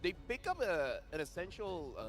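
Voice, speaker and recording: A young man co-casting an esports match on a live stream, animated and playful. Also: sits high, normal speed, over music. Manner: animated, playful, fond of putting on voices. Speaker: esports co-caster. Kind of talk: casual live-stream commentary.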